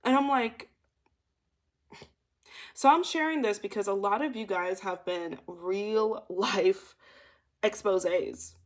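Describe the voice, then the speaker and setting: A woman's voice: medium pitch, takes it slowly, pauses often. A young woman reading cards for viewers, telling stories in a chatty, emphatic way with lots of asides to the audience. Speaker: intuitive card reader. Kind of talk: casual storytelling to viewers.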